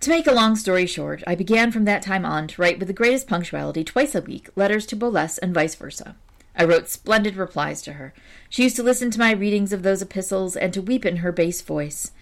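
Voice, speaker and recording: A woman reading a story aloud in a measured audiobook narration. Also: mid-range voice.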